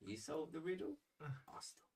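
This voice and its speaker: A man voicing a mischievous small child who taunts the players in a high sing-song voice. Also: lively intonation, unhurried, a little mellow, far from the mic, slight background noise. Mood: teasing.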